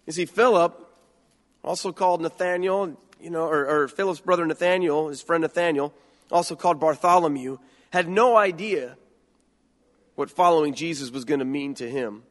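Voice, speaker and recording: A man delivers a sermon in a fairly high voice, speaking earnestly and conversationally. He often doubles back and repeats words mid-thought. A long reverb trails his voice through the hall. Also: moderate pace. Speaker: preacher.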